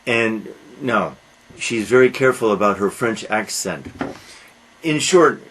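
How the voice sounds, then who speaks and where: A man giving a classroom literature lecture, halting with "uh" fillers and posing rhetorical questions he answers himself in a dry way. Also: lowish voice, breathy edge, rough recording. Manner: halting, with frequent "uh" fillers and restarts.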